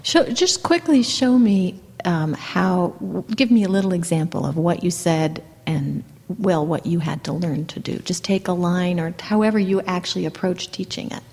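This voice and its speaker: A woman's voice: on the low side, normal speed, creaky, few pauses, warm tone, slightly rough, in a large hall. A woman interviewer prompting her guests with encouraging affirmations.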